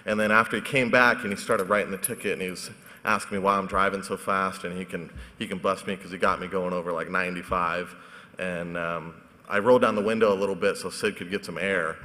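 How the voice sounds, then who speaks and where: Man, panelist, very low voice, rambling hesitant storytelling, echoey hall. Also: steady tone, a little fast, bright, forceful tone. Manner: rambling, hesitant, with many fillers. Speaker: conference panelist. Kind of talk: anecdotal storytelling on stage. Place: conference hall stage.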